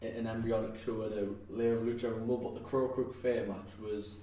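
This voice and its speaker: This wrestler's voice is on the low side and warm, level in tone and fairly quick. With his North East English accent, he rambles casually as a podcast guest, laughing often and stumbling through fillers and restarts. Expect an echoey room, a distant mic and faint background noise.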